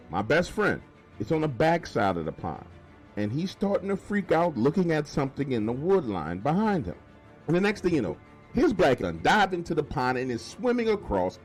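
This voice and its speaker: Animated man telling a scary story. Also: mid-range voice. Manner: animated, colloquial, emphatic storytelling. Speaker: horror story narrator. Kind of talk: first-person scary story narration.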